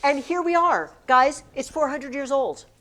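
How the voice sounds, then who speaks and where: A woman's voice: high voice, expressive, unhurried, bright, forceful tone. A woman teacher leading a classroom poetry lesson, reading verse aloud and chanting the rhythm of the lines.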